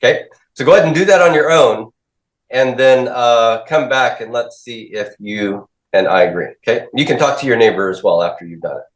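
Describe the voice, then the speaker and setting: A brisk man with a medium-pitched voice teaches a class, asking questions, drilling students and echoing their answers. It's a classroom lecture built on call-and-response drills, recorded in an echoey room.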